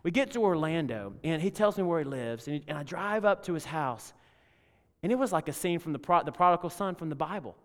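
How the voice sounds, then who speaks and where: Guy pastor preaching, kinda high voice, big echoey hall, goes loud then quiet. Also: lively intonation, brisk. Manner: storytelling, swinging from loud emphasis to hushed. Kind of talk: sermon. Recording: long reverb of a large hall.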